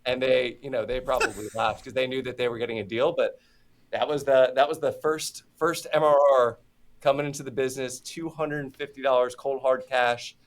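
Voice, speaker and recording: Male podcast guest, founder, mid-pitch, relaxed and self-deprecating. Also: moderate pace. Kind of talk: casual interview chat.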